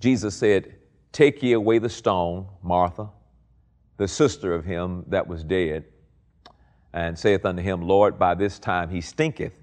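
A man preaching a sermon, reading scripture aloud and commenting on it, swinging from low, quiet passages to high, loud ones. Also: a little slow.

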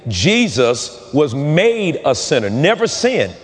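Pastor guy preaching hard, kinda high voice, big reverby church sound. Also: sing-song. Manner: fervent preaching, swings between rapid talk and drawn-out shouted phrases. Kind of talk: sermon. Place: church sanctuary. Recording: long hall reverb.

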